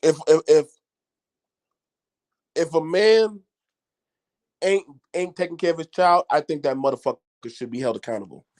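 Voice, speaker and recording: A middle-aged man with a voice pitched a little higher than most men's talks straight to his viewers. He is blunt and curses freely, stumbling over repeated words as he restarts his sentences. Faint clicking sounds run behind him. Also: moderate pace, long pauses, a little mellow. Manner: blunt, swearing, repeats himself and stammers on restarts. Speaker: channel host. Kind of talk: unscripted commentary to viewers.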